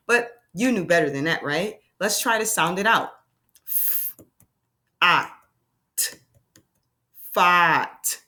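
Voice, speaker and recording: A woman's voice: mid-range voice, sharp tone. A woman teaching a phonics lesson to young children, sounding out letters and making playful exclamations.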